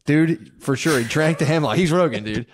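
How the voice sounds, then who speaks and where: A man's voice: a little fast, slight background noise. Rambling young man saying "dude" constantly. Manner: rambling storyteller, says "dude" constantly, acts out quotes in a low voice. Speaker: podcast co-host. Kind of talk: casual chat.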